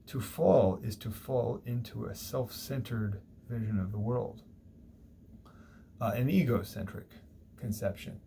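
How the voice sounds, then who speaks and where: A man's voice: lowish voice, a little mellow, slight background noise. A man lecturing on a classic poem, conversational and digressive, thinking aloud with small restarts. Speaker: literature lecturer. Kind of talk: recorded university lecture. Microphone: single mic, recorded lecture.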